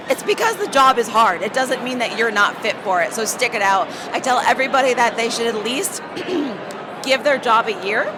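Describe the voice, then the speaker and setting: A woman mechanic, hoarse from talking all day, giving emphatic, motivating interview answers. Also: on the high side. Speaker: automotive technician guest. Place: busy trade show floor. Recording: crowd chatter and noise behind.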